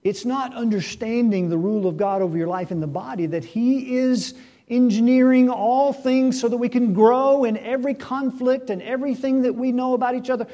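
A male preacher with a notably high-pitched voice delivers a sermon. He poses rhetorical questions and swings from hushed, quiet stretches to loud, emphatic ones. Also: normal speed, highs cut off.

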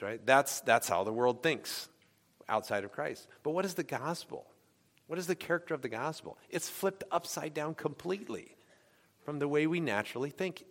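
A man's voice: fairly high pitch, a bit bright. Conversational man preaching in an echoing hall. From United States. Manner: conversational, asks the congregation questions. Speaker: pastor. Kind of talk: sermon with audience questions. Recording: long hall reverb.

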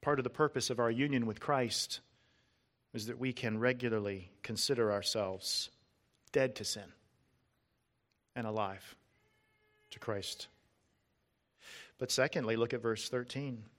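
A man preaching a sermon, earnest and emphatic, stressing lists word by word and dropping low and soft at key points. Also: measured pace, pauses often.

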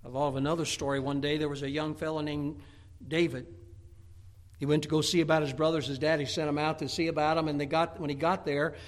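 Animated high-voiced male preacher. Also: fast. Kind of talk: sermon.

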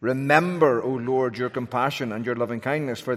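A man delivers a sermon with earnest emphasis, restarting phrases and adding asides as he goes. His voice has a mid-range pitch. It carries a long reverb, as if spoken in a church sanctuary. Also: fairly even intonation, brisk, few pauses, a bit bright. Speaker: preacher.

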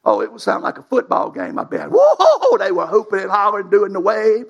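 A preacher with a strongly gravelly, raspy voice that sits high for a man. He preaches in a folksy, emphatic way, reading scripture and exhorting his congregation in plain colloquial speech. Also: steady tone, quick pace, fairly bright tone, muffled recording. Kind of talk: sermon.

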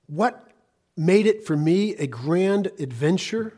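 A middle-aged American man preaching a sermon, swinging between loud emphasis and hushed, quiet passages. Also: high voice, expressive, slow pace. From United States. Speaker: pastor.

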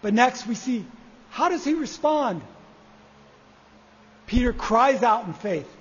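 A man preaching a sermon, measured and repeating key phrases for emphasis. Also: very high-pitched, expressive. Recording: echoey hall, dull lo-fi sound.

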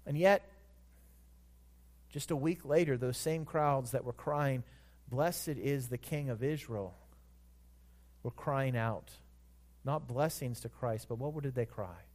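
A man preaching a sermon in a church, earnest, swelling louder on scripture and dropping soft at the ends of phrases. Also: medium pitch, slow, long pauses. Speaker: pastor.

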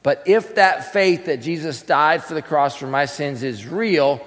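Slightly high and a bit bright, this man's voice moves a little slowly through a large hall. He's a preacher teaching a class from scripture, sermon-like, who questions his listeners and then gives the answers himself.

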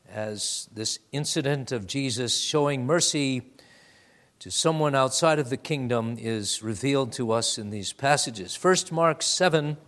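A man preaching a sermon, reading scripture aloud with slow, stressed phrasing and calling his listeners beloved. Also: mid-range voice, fairly bright tone. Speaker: pastor.

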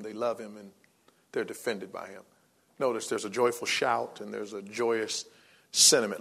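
A pastor in his forties delivers a sermon, shifting between low, quiet reflection and raised, excited preaching.

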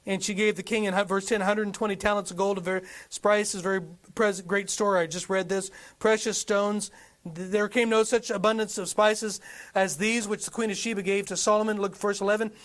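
A man's voice: high voice, fairly quick. A man preaching a sermon, reading scripture aloud and asking the congregation rhetorical questions. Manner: animated, asks many rhetorical questions, reads scripture aloud.

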